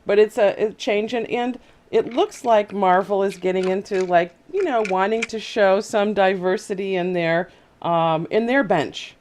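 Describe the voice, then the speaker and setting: Woman host, casual video call chat, hesitant, lots of fillers, mid-pitched voice. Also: measured pace, a little mellow, a little hiss or hum. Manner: chatty, hesitant, many fillers.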